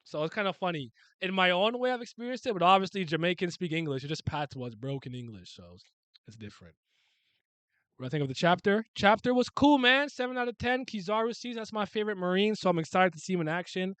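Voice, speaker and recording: A young man from Canada chatting casually on a live stream, answering comments in an animated way and swearing freely. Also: high voice, quick pace, clear, resonant tone, no room sound. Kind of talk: casual live reaction chat.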